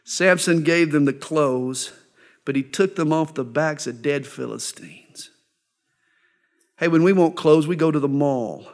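A man's voice: fairly high pitch, unhurried. A middle-aged male pastor teaching a sermon verse by verse, reading scripture and breaking into folksy, joking asides. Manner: jokey, folksy asides between read verses.

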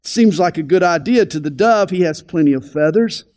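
A man preaching a radio sermon, deliberate and emphatic, slowing down to stress key phrases. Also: fairly high pitch, expressive, a little mellow. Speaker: pastor.

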